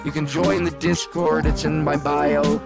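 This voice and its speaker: A laid-back man chats through a late-night music livestream, his fairly high voice carrying a gravelly edge. He rambles, jokes and reads the chat aloud. Music plays clearly behind him. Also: flat delivery, measured pace. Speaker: livestream host and music producer. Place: home studio. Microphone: studio microphone. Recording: music playing under the voice. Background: music playing.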